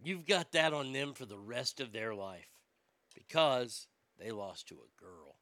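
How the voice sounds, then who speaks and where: A man's voice: medium pitch, expressive, a little slow, pushed and bright, dry recording. A man delivering a blunt, sarcastic, profane opinion rant as a commentator.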